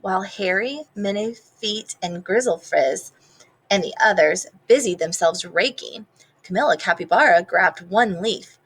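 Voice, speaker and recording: A woman teacher reading a picture book aloud to her class, expressive, pausing to ask the children questions. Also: mid-range voice, breathy edge, low-quality recording.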